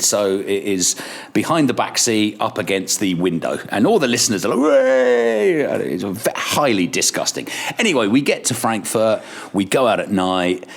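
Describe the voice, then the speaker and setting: Man, middle-aged, fairly low voice, radio presenter, animated storyteller, laughs mid-story, excited pitch jumps, casual chat. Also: slightly rough. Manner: lively, laughs while telling stories, pitch jumps when excited. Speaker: radio presenter, podcast guest.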